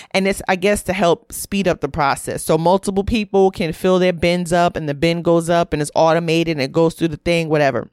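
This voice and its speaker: A woman's voice: fairly low pitch, no echo, studio quality. A woman telling a story in a casual monologue, candid and profane, full of "like" and asides. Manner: candid, profane, heavy use of "like".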